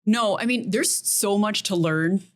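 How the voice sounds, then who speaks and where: A middle-aged woman, a criminal defense attorney, chatting as a podcast guest, earnest and listing things in quick runs. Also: medium pitch. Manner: earnest, talks in quick lists. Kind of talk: casual interview chat.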